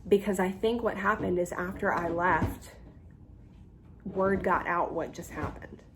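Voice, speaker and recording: Young woman, lowish voice, chatty storyteller who acts out quotes. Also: measured pace, noisy background. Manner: animated, acts out quoted people, frequent ums. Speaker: YouTuber. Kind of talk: casual storytime.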